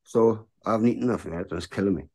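A man's voice: lowish voice, racing, warm tone. A man in his thirties, a bare-knuckle fighter, talking frankly in a casual interview and often asking "do you know what I mean?".

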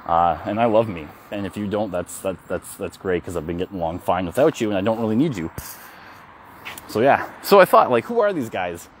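A man with a lowish voice talks into a phone he holds as he walks a street outdoors. His pitch swings widely as he tells a story frankly, with swearing and restarts, and faint noise sits behind him. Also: animated, fairly quick. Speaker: vlogger. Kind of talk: casual walk-and-talk vlog. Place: outdoors on a city street, walking with dogs.

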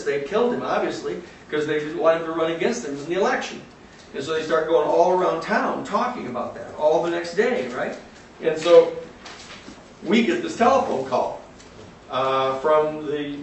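A man's voice: a little high, moderate pace. Man telling a story in an echoey room. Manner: vivid anecdotal storytelling with fillers and restarts. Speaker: lecturer. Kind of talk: storytelling lecture to a class. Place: classroom or lecture hall. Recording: echoey room from far off, faint noise.

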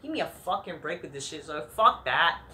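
A woman's voice: low-pitched, expressive, a little fast, pushed and bright, slight background noise. A woman reviewing wrestling shows in an angry, profane, rambling rant full of restarts. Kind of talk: ranting commentary.

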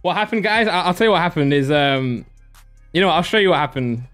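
A young man hosting a live stream, chatty and excitable, laughing often and giving shout-outs to viewers. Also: a little high, quick pace, soft background music. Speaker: live-stream host opening card packs.

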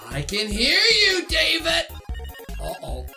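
A woman doing excitable, shrieky let's play commentary as a gaming YouTuber. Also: extremely high pitch, slow, poor audio. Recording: voice over loud game music.

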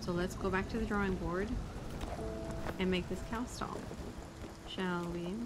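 A young woman playing a game on stream, excitable and foul-mouthed, gasping and exclaiming as she goes. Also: lowish voice, measured pace. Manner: excitable, swears freely, gasps and exclaims. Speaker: gaming streamer. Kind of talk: casual gameplay commentary. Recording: game music loud behind voice. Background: game music.

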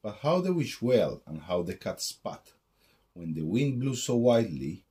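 A man's voice: lowish voice, very animated, unhurried, mellow. A man reading a rhyming picture book aloud at bedtime in a sing-song storytelling way.

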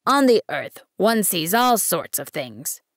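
A woman voicing a wise, patient male fox in an audiobook, speaking in a measured, earnest way. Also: medium pitch, sing-song, no echo, studio quality. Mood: explaining. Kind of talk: audiobook reading.

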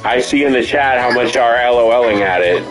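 A man's voice: mid-range voice, brisk, faint music behind, poor audio. A man hosting a game stream, chatting casually and joking at his own expense. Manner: jokey, self-mocking. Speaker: stream host. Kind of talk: casual chat while playing a party game.

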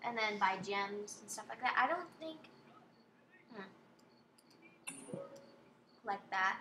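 A woman's voice: fairly high pitch, expressive, slow pace, long pauses, sharp tone, a little hiss or hum. A woman giving casual, jokey commentary while playing a game, reacting aloud as she goes. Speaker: gamer.

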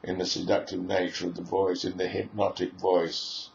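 A low, gravelly male voice delivers a lecture at an unhurried, musing pace, stringing together long lists of phrases. The recording is roomy and a little dull and lo-fi, with a faint hiss underneath. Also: level tone. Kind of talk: spoken lecture. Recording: echoey room, dull lo-fi sound.

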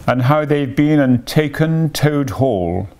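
A man's voice: a little high, expressive, slow pace, darkish tone, pitched above the performer's own voice. A man voicing a sensible, earnest male water rat who speaks emphatically in a read-aloud storybook. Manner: emphatic, impressive.

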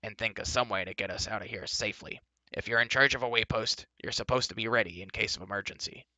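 A man's voice: lowish voice, fast talker, sharp tone, dry recording. A man voicing a brusque, bossy male dwarf who scolds and gives orders. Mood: scolding.

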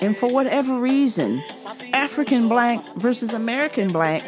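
A woman's voice: a little high, normal speed, music in the background. A woman vlogger delivering a profane comedic rant, acting out dialogue as she tells a story. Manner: profane, animated, acts out dialogue.

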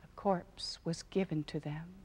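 Slow incantatory woman storyteller. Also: lowish voice, fairly even intonation, darkish tone, a little hiss or hum. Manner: rhythmic, incantatory, dropping to whispers. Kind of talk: dramatic storytelling performance.

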